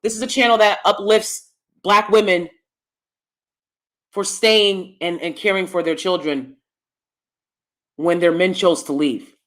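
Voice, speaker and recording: A woman's voice: fairly even intonation, a little slow, long pauses. A middle-aged woman hosting her own channel, talking bluntly and lecturing in a casual monologue to the camera. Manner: blunt, lecturing, switches between low asides and emphatic bursts. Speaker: YouTube commentary host.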